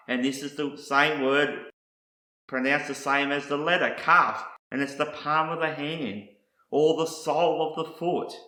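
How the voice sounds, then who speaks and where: A man teaching Bible word meanings in a deliberate, scripted way, setting out one meaning after another. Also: medium pitch, bright, forceful tone, echoey room.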